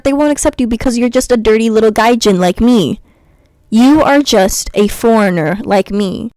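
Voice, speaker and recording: A woman's voice: fairly high pitch, normal speed, darkish tone, no echo, rough recording. A woman vlogger giving a blunt, sarcastic rant and mocking her commenters. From United States. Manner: blunt and sarcastic, mocks commenters in sing-song voices. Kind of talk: ranting commentary.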